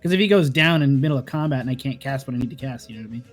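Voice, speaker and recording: A man's voice: medium pitch, very fast, soft background music. A man playing a tabletop game, insistently arguing his point. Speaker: player.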